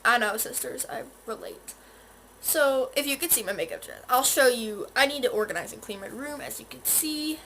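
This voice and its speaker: Teen girl rambling through her makeup routine on a phone cam in her room, kinda high voice. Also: expressive, a little fast, hardly any pauses, bright, forceful tone, a little hiss or hum. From North Carolina. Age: teens. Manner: chatty and rambling, many restarts and quoted asides. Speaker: beauty vlogger. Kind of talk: casual vlog chat while doing makeup. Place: her bedroom. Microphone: phone camera.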